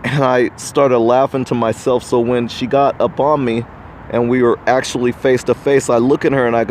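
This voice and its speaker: A man's voice: mid-range voice, little pitch movement, fairly quick, a little mellow, slight background noise. An American man hosting a podcast, giving a preachy, indignant opinion monologue to the viewer. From United States. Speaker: podcast host.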